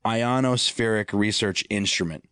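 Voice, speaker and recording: A man's voice: on the low side, normal speed, pushed and bright, clear, resonant tone, dry recording, studio quality. A man hosting a casual podcast, explaining a topic with many restarts. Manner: hesitant, restarts often. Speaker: podcast host.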